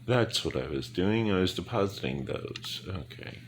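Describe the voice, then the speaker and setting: A man with a very deep voice gives drowsy, drawn-out gameplay commentary, yawning and mumbling his way through the game. A faint hiss sits under the home microphone recording. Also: expressive. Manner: slow, trailing off, mumbling to himself. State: very sleepy, yawning. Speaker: gaming YouTuber.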